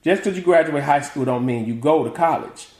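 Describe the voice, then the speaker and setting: Animated Southern man telling stories. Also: fairly high pitch, fairly quick. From American South. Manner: animated, acts out family quotes, laughs often. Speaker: guest, author and motivational speaker. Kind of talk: casual interview chat, storytelling. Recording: echoey room.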